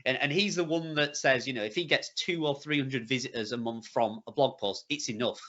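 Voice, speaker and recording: Man, bright tense voice, casual rambling talk, repeats words, dull lo-fi call audio. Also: medium pitch, brisk. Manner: rambling, repeats words while gathering thoughts. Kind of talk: casual conversation.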